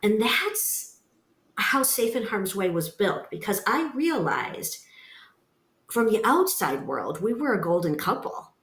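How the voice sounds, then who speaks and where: A woman who founded a nonprofit shares her personal story as a guest on a podcast interview, speaking earnestly and emphatically. Her mid-range, fairly bright voice is sing-song and measured, and the recording has a roomy echo.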